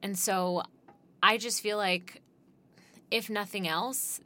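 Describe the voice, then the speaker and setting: A woman's voice: medium pitch, takes it slowly, pushed and bright. A young woman hosting a podcast, thinking aloud in a rambling, conversational monologue with lots of fillers and the odd swear word. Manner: profane. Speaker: podcast host. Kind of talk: casual solo podcast monologue.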